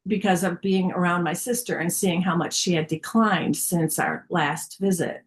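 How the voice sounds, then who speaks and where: A woman's voice: on the low side, steady tone, normal speed, few pauses. A woman sharing a personal story in a casual spiritual group, candid and chatty with many fillers.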